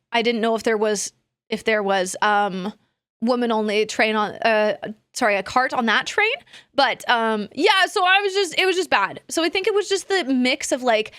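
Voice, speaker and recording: A young adult woman streaming, chatting casually in a rambling, animated way that trails off into asides. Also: fairly high pitch, normal speed, no room sound, clean studio sound. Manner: rambling, animated, self-interrupting with laughs. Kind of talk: casual chat.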